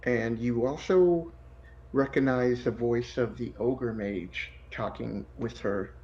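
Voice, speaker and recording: A man narrating as game master of a tabletop game, in a relaxed way with many fillers. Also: medium pitch, slow pace, lo-fi sound.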